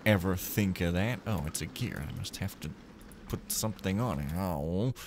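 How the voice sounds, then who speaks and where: Against a noisy background, a let's play gamer with a low, animated voice talks at normal speed through a stealth game. He rambles casually, making jokey asides to himself.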